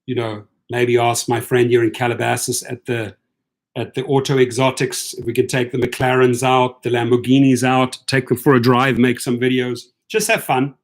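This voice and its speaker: A man's voice: mid-range voice, little pitch movement, moderate pace. A man hosting a casual livestream for rideshare drivers, reading out viewer comments and chatting to them in a loose, tired way. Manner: chatty, loose, repeats himself, talks straight to viewers.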